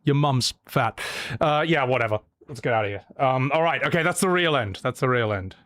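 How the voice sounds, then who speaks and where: A man's voice: medium pitch, expressive, fairly quick, a bit bright, no room sound, clean studio sound. A young man chatting casually on a live stream, rambling, swearing and laughing often.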